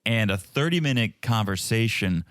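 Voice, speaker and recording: A man's voice: lowish voice, lively intonation, normal speed, fairly bright tone, clear, resonant tone, dry recording. A man from Tennessee co-hosting a podcast, chatting casually with dry, teasing humor. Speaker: podcast co-host.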